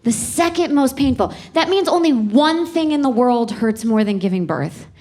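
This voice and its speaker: A young woman doing a stand-up set on a comedy club stage with a handheld mic, talking in a conversational, profane way and building up to shouted punchlines. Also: sits high, lively intonation, moderate pace. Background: audience laughter.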